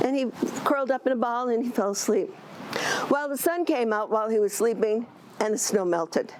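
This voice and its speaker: A woman storyteller telling traditional animal stories to a live audience with animated, expressive delivery and casual asides. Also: a little high, normal speed, slight background noise, poor audio.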